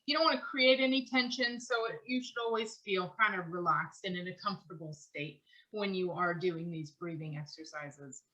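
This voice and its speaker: Bright-voiced chatty woman vocal teacher. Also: on the low side, moderate pace, highs cut off. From Canada. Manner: chatty, laughs between thoughts, long run-on phrases. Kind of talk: online class lecture.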